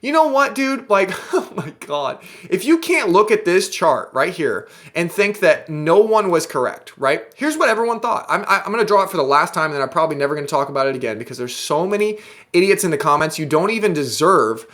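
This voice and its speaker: A man's voice: on the high side, big pitch swings, a little fast, a bit bright. A man hosting a crypto video show, ranting at his viewers in an exasperated, sarcastic monologue.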